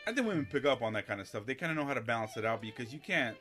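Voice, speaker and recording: A man trading quick, crude jokes in casual chat. He talks fast, his pitch swings a lot, and his voice is bright. A bit of music sits behind him. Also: lively intonation. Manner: quick, crude, joking banter.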